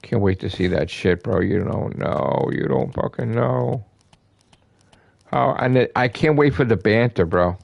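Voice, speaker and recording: A man with a lowish voice rants as an excited fan, swearing freely and hammering the same phrases again and again. The sound is dry and close, with no room echo. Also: measured pace, creaky, dull audio. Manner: emphatic, profane, repeats himself. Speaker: gaming channel host. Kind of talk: excited fan rant to camera.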